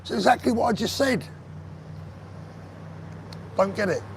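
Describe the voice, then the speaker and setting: Talking casually into his phone as he walks down a street, a chatty vlogger with a slightly high voice reads his live chat and answers viewers by name in relaxed banter. He keeps a measured pace, with faint street sounds, passing cars, and a little hiss or hum behind him.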